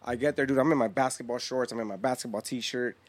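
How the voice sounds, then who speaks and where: A man's voice: mid-range voice, quick pace. A middle-aged man co-hosting a podcast, telling a story in casual chat with lots of swearing and acted-out voices. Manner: profane, animated storyteller who acts out quotes. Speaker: podcast co-host.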